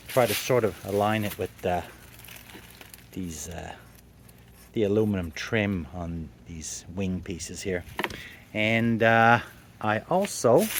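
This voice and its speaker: A man's voice: medium pitch, background noise. A man restoring a classic car in his garage, talking casually to the camera with lots of fillers and a dry, sarcastic streak. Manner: easygoing, rambling, many fillers, dry sarcasm. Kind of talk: casual workshop vlog narration. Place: garage workshop.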